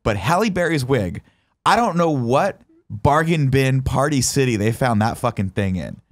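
Podcast host, male, lively swinging pitch, casual and profane, stretches words for emphasis. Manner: animated, swearing, drawn-out emphasis. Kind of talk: casual chat.

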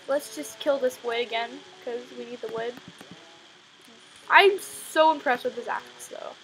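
A young woman with a high, fairly bright voice hosts casual gameplay commentary for a gaming channel, and the recording is low quality with slight background noise. She rambles playfully and giggles often while faint music plays behind her.

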